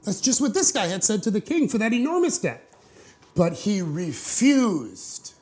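A man's voice: high voice, sing-song, measured pace, darkish tone. A man preaching a sermon to a congregation, retelling a parable in a conversational, joking way. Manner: conversational, jokey, acts out quotes. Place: church before a live congregation.

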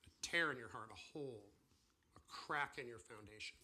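A man's voice: mid-range voice, normal speed, slight background noise. A man teaching a casual sermon, drawing on a board as he talks and acting out what God and believers say. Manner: animated, acts out voices of God and believers. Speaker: preacher teaching a series.

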